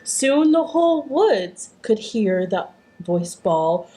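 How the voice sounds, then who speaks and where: Lively woman reading a storytime. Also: mid-range voice, slow pace. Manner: animated and encouraging. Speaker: children's storytime host. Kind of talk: reading aloud to children. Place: living room. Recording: echoey living room.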